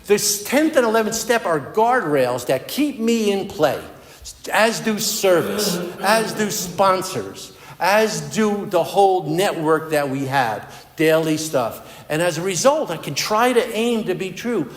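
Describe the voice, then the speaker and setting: A man's voice: high voice, big pitch swings, a little slow. A man giving a personal recovery talk at a meeting, telling his story in an earnest, conversational way. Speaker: AA speaker. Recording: echoey hall with long reverb.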